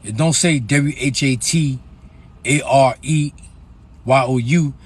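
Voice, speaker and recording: A man's voice: mid-range voice, slow, slightly rough. A man from New York with a New York accent, an author chatting casually on a livestream about his books and reading a passage aloud, blunt and profane, with sudden emphatic bursts.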